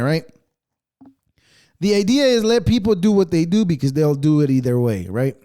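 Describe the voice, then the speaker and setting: Reacting to clips on his podcast, a man with a fairly high-pitched voice talks at normal speed. The rant is casual and animated, full of sarcasm and profanity.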